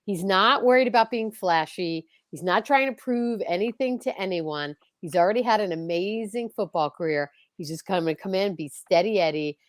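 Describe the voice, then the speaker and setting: A woman's voice: mid-range voice, lively intonation, normal speed, hardly any pauses, no echo, clean studio sound. A woman co-hosting a casual football chat, talking in an upbeat, emphatic and encouraging way. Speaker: co-host.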